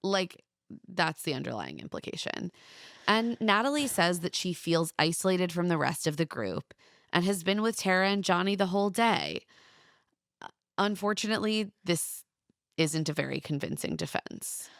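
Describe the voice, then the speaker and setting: Woman, gravelly voice, lively pitch, podcast co-host, emphatic and exasperated, dry close mic. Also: moderate pace, dry recording. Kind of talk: casual chat recapping a reality show.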